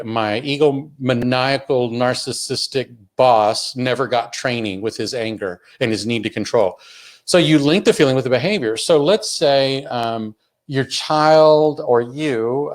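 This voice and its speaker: A man presenting an instructional talk on handling emotions, earnest and explaining step by step with frequent restarts. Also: mid-range voice. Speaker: webinar presenter on emotional learning.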